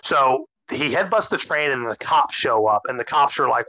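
Excitable guy on a podcast, bright forceful voice, dry close mic, swears a lot. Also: mid-range voice, dry recording, dull audio. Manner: animated, swears freely, acts out characters in quick bursts. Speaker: podcast co-host. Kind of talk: casual anime recap chat.

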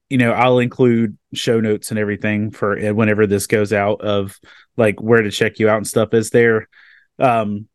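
A man hosting a podcast interview, chatting casually and telling stories with animated energy. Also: fairly low pitch, no room sound, clean studio sound. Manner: animated storyteller, casual and excitable. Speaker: podcast host.

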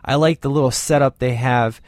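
A man's voice: medium pitch, steady tone, brisk, dry recording. Guy chatting about a movie he likes, acts out the lines, medium voice, dead dry room. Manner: enthusiastic, retells scenes in quoted lines. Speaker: movie reviewer. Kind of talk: casual movie commentary.

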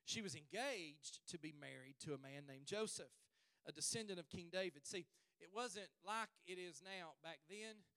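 A male pastor preaching a fervent sermon at a church service, stretching his phrases and rising to shouts. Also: sits high, moderate pace, no echo.

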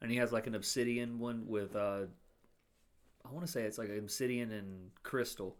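A man's voice: lowish voice, steady tone, normal speed. Young man chatting loosely on a podcast. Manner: rambling, lots of "like" fillers. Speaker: podcast co-host. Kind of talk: casual chat.

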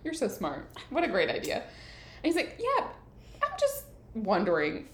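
A woman's voice: fairly high pitch, huge pitch swings, normal speed, roomy sound. A woman co-hosting a podcast, casually retelling an episode and acting out the characters' lines with frequent laughter. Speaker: podcast co-host recapping an episode. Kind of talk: casual chat.

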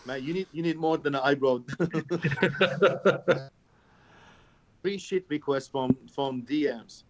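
A man's voice: on the high side, takes it slowly. A man telling stories on a casual podcast, swearing freely and mimicking the messages he gets. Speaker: podcast guest, knife maker. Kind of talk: casual chat.

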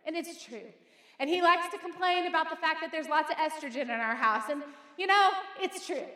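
A middle-aged woman pastor preaching a lively sermon to her congregation and calling on them to repeat her words. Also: high voice, brisk. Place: church sanctuary. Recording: echoey hall.

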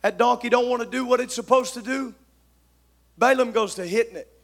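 Preacher, male, very high gravelly voice, emphatic sermon delivery with shouted peaks. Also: fairly quick. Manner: emphatic, swings from shouted lines to soft asides.

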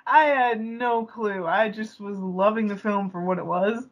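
A woman's voice: medium pitch, measured pace. Chatty woman on a dull lo-fi line. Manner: chatty, laughs often, many fillers. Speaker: podcast co-host. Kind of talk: casual film discussion.

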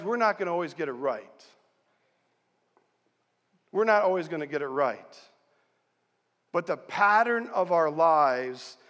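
Man, middle-aged, pastor, high-pitched, animated sermon, long church reverb. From central New York, USA. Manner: animated storytelling, rallying the congregation. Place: large church hall.

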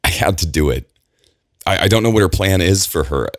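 A man's voice: deep voice, animated, dry recording, clean studio sound, pitched above the performer's own voice. A man voicing an anxious young male engineer who stammers and repeats words. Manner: halting and stammering.

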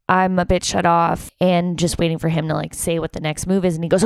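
A young woman talks frankly on her podcast, pouring out a personal story with open emotion and frequent swearing. Her voice sits a little low and comes through smooth and clean, close and dry with no room sound. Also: brisk, few pauses, no room sound. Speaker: podcast host.

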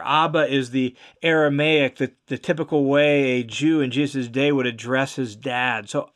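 A man's voice: medium pitch, measured pace, few pauses. A man teaching a Bible passage verse by verse in a casual, conversational way, with fillers and restarts and stress on key words.

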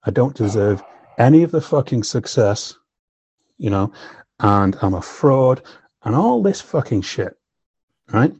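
A man's voice: mid-range voice, big pitch swings, unhurried, long pauses, a little mellow, slightly rough, no room sound. A filmmaker guest telling his own story candidly and emotionally, swearing often and leaning on "you know". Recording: slightly dull lo-fi recording.

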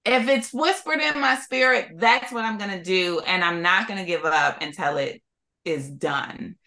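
A woman from Philadelphia, USA, appears as a podcast guest and tells her story in an interview. She's animated and expressive and laughs often, speaking a little slowly in a mid-range voice.

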